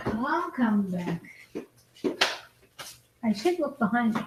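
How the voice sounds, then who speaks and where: Heavy background noise surrounds this woman's fairly high voice, which swings widely in pitch at a slow pace. A comedian and mukbang vlogger in her 40s, she eats on a live video, chatting, griping, and poking fun at herself.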